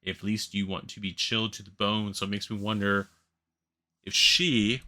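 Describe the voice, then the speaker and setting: Sleepy male game-channel host, low-pitched and rambling, keeps correcting himself. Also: flat delivery, normal speed, bright, forceful tone. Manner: rambling, self-correcting, laughs at his own slips. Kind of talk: casual solo commentary on a crowdfunding campaign.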